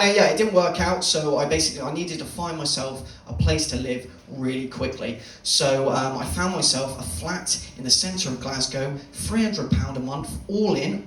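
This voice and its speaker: A young man performing a stand-up set in a comedy club, telling a swearing, deadpan story and teasing the crowd. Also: a little high, a little hiss or hum. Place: comedy club stage, live audience. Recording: roomy club sound from a distance.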